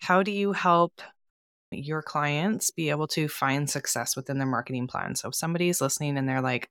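A woman hosts a podcast with a notably low voice for a woman. She gives short affirmations and asks plain, open questions. The sound is dry, with no room around it. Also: brisk, fairly bright tone, no room sound. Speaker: podcast host. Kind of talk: interview host.

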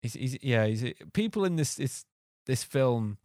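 A man's voice: mid-range voice, expressive, measured pace, darkish tone, no room sound, clean studio sound. A man hosting a casual podcast, talking animatedly about a film and laughing often. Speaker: podcast host.

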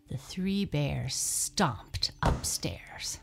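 A woman reading a children's storybook aloud, slow and expressive, dropping into soft breathy asides. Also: very deep voice, whispered, soft background music.

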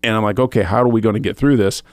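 A man's voice: on the low side, fairly even intonation, racing, darkish tone, no echo, clean studio sound. A man co-hosting a faith show, earnestly retelling a personal spiritual experience, quoting his own thoughts aloud with frequent restarts. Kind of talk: personal testimony in casual chat.

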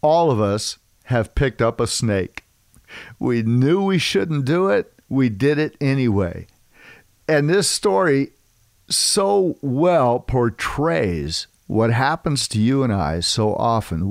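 A man's voice: mid-range voice, creaky, darkish tone, dry recording. Emphatic male preacher, dry close sound. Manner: emphatic, repeats key phrases slowly. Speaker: host and preacher. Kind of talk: devotional men's ministry talk.

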